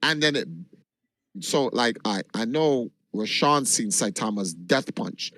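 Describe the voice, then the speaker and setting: A man from Jamaica, a livestreamer, telling a long story in an animated, casual way and swearing freely. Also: mid-range voice, a little slow, no room sound. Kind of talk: casual chat.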